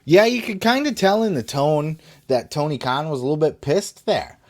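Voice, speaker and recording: A man's voice: fairly high pitch, big pitch swings, moderate pace. A man hosting a wrestling podcast, talking bluntly and profanely in a rambling way with many restarts. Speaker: podcast host. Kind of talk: casual wrestling news commentary.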